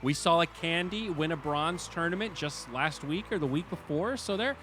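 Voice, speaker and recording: A man hosting a game stream, chatting casually and excitably, swearing and laughing at his losses. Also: on the high side, normal speed, slight background noise. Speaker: stream host and commentator.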